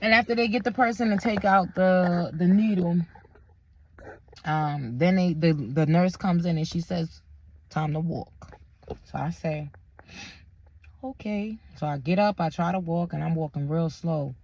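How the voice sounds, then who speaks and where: A woman's voice: fairly low pitch, steady tone, normal speed, a little mellow, muffled recording. Young woman telling a candid story. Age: young adult. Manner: candid, emphatic, slangy with faith phrases. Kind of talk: personal storytelling to camera.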